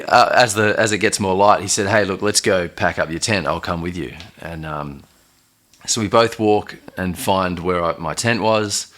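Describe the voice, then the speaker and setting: A young man telling a personal story in a loose, halting way, full of fillers and restarts. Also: deep voice, bright, forceful tone. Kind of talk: casual first-person storytelling. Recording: faint music underneath.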